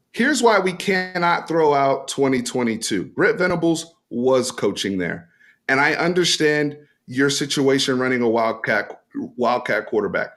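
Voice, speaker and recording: A man's voice: on the high side, lively intonation, measured pace, a bit bright. A man co-hosting a sports podcast, arguing insistently and repeating his questions to corner his opponent. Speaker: co-host and college football fan. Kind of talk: heated sports podcast debate.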